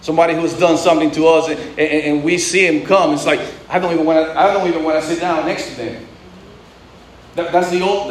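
A man's voice: fairly high pitch, reverberant, a little hiss or hum, poor audio. A man preaching a sermon in a conversational way, often restarting and adding asides. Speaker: pastor.

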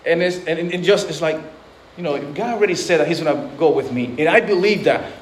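High-voiced earnest male preacher. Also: fairly quick, slight background noise. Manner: earnest, repeats words and restarts, acts out voices in quotes. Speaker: pastor. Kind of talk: sermon.

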